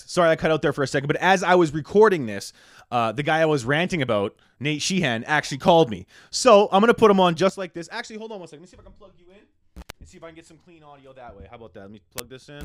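A man hosts his podcast in a loose, rambling monologue, swearing constantly and leaning on fillers. He talks fast in a slightly high voice. The sound is close and dry, with no room around it. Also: no echo. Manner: rambling, profane, full of fillers. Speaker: podcast host.

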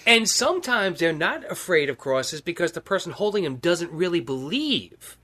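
A man's voice: fairly high pitch, very animated, moderate pace, bright, forceful tone. A man co-hosting a podcast, chatting casually with crude, sarcastic jokes. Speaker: podcast co-host. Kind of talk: casual chat.

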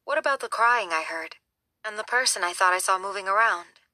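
A woman voicing a caring adult woman who speaks gently and asks anxious questions. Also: mid-range voice, brisk, no echo. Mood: uneasy.

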